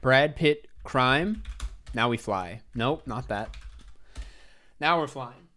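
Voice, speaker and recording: A man's voice: medium pitch, expressive, slow pace, sharp tone. A young man streaming live, muttering, swearing at himself while he plays and answering chat offhand. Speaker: livestreamer. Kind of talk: live-stream game commentary.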